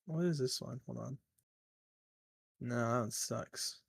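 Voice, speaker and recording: A man's voice: medium pitch, slow, vocal fry, husky, no echo. A man playing in a tabletop game over voice chat, laid-back and offhand. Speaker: tabletop player.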